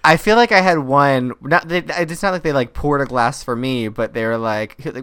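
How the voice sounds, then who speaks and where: A man co-hosting a podcast in casual chat, riffing and quoting others in quick voices. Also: medium pitch, fairly bright tone, clean tone. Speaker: podcast co-host.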